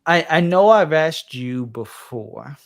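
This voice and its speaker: A man's voice: fairly high pitch, expressive, takes it slowly. A man with a New York accent hosting a livestream, talking casually and rambling with lots of fillers, tired at three in the morning. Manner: rambling, many fillers and restarts. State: tired, late at night. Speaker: livestream host.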